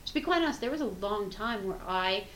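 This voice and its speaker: A woman's voice: medium pitch, animated, a little fast, a bit bright. Frank, chatty woman in a roomy space. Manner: frank, reflective, laughs easily, swears casually. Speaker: podcast co-host. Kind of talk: casual conversational chat. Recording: roomy sound with faint background hum.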